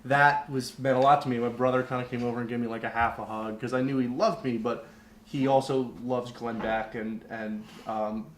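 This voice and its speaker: A man's voice: medium pitch, steady tone, normal speed. Candid young man, echoey room. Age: young adult. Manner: candid, rambling, heavy with fillers. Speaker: podcast guest. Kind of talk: personal storytelling in conversation. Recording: roomy echo, faint background noise.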